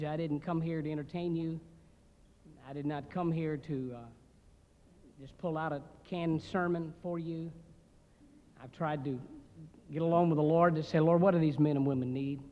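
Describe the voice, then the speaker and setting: A man's voice: on the high side, a bit bright, dull audio. A man preaching as a guest speaker in a seminary chapel, a folksy storyteller who jokes with the crowd. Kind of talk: sermon. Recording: long hall reverb.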